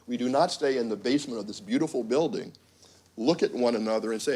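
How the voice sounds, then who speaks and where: A man's voice: mid-range voice, quick pace, a little mellow, breathy edge. A middle-aged man, a university dean, giving a symposium talk full of wry asides and acted-out quotes. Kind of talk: symposium speech with anecdotes. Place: conference room.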